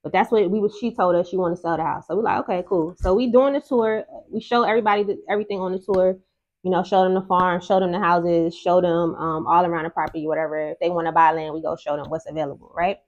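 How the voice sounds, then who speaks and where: A woman co-hosting, retelling events in animated, emphatic casual chat. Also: fairly low pitch, fast talker. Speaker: co-host. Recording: slightly dull lo-fi sound.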